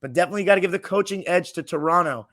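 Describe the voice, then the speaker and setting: A man's voice: sits high, racing, no room sound, studio quality. A man hosting a casual sports podcast, opinionated and jokey as he talks through the matchup. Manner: opinionated, jokey, lively when teasing. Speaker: podcast host.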